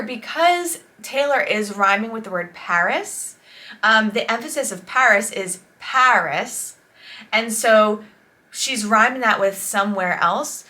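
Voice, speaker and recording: A woman's voice: mid-range voice, bright, forceful tone. A woman songwriter reacting to an album in casual, enthusiastic commentary, explaining songwriting tips as she goes.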